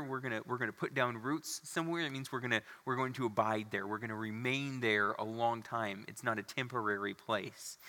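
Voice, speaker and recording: Male pastor, casual sermon delivery with fillers, bright tone, reverberant sanctuary. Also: mid-range voice. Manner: conversational preaching with fillers and restarts, reads scripture aloud. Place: church sanctuary. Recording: long reverb of a church hall.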